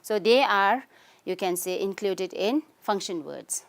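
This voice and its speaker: A woman's voice: medium pitch, animated, unhurried, gravelly. A woman teaching an English grammar lesson with a Tibetan accent, explaining patiently and checking understanding with "okay?" after each point. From Tibetan community in India. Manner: explanatory, frequent "okay?" and "you can say" checks. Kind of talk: recorded lesson.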